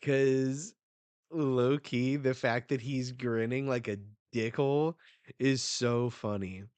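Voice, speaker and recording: A young man reading a manga chapter aloud in a live reaction, excitable and swearing as he goes. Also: medium pitch, slow, clean tone, no echo.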